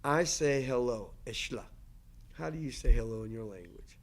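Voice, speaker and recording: A man's voice: mid-range voice, animated, a little fast. A man who teaches language, speaking in a casual, earnest lecture style with frequent restarts and repetition. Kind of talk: casual lecture answering questions.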